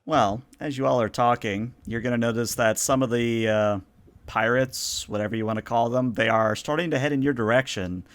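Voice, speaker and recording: A man narrating a tabletop role-playing game as game master, in a relaxed, meandering way. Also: medium pitch, normal speed, smooth, dry recording.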